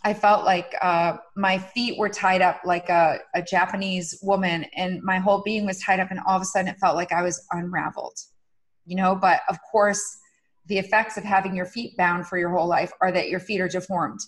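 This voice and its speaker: A woman's voice: on the low side, fairly even intonation, fairly quick. A middle-aged woman guest on a podcast interview, talking candidly and earnestly, with frequent fillers. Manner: earnest, confessional, uses many fillers.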